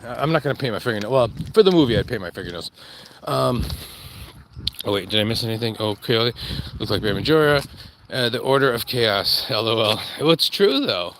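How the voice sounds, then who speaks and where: A man's voice: medium pitch, animated, fairly quick, noisy background. A man vlogging on a dog walk, rambling and joking, laughing at himself as he talks. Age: adult with kids. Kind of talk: casual walk-and-talk monologue.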